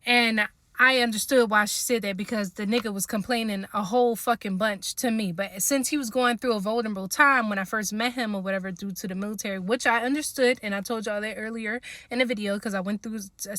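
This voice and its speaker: A young woman tells a story straight to camera in a casual vlog, animated and full of swearing. Her voice is bright and sits a little high. The sound is close and dry. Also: dry recording. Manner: profane, animated, chatty, laughs at own story. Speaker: storytime vlogger.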